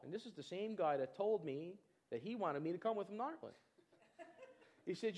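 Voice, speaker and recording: A man preaching, telling a personal testimony in an animated storytelling way and acting out other people's voices. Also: high-pitched, normal speed, pauses often. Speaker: pastor. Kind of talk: testimony in a church sermon.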